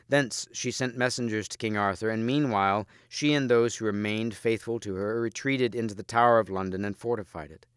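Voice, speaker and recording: A man reading a storybook aloud in a measured, steady way, close to the mic. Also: mid-range voice, clean tone, no room sound. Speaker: audiobook reader.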